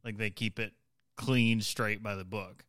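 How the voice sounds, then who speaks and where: A man's voice: fairly low pitch, steady tone, a little slow, fairly bright tone, no room sound. A man co-hosting a podcast, telling a story with emphatic repetition. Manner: emphatic, repeats points for effect. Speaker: podcast co-host. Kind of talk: casual storytelling.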